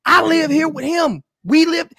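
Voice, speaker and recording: A man putting on a Southern white man at a protest with a Southern accent, speaking earnestly to calm things down. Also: very high-pitched, a little slow, vocal fry, no echo, studio quality, voice pushed up, full character voice. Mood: pleading. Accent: American Southern.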